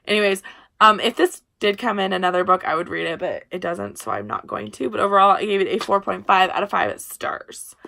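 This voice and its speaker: A woman's voice: medium pitch, animated, fairly quick, vocal fry, pushed and bright. A young woman in a casual book review vlog, chatty and gushing, often trailing off mid-sentence while talking to her camera. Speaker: book vlogger.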